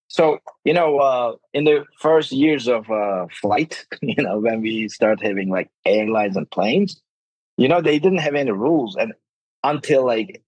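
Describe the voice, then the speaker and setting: A man's voice: medium pitch, husky, no room sound, low-quality recording. A man appearing as a guest in a podcast interview, speaking earnestly and emphatically. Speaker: game studio CEO, podcast guest.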